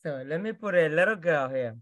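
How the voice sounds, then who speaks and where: A woman teaching vocabulary, drilling each word slowly and repeating it for pronunciation. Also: low-pitched, lively intonation. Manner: slow, repetitive drilling of words for pronunciation. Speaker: language teacher. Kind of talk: vocabulary lesson.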